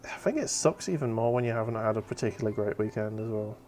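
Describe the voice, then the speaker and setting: A man with a lowish, slightly mellow voice talks fast while hosting a casual painting stream, with a little background noise. He's chatty and loose, swearing now and then as he fumbles with his setup.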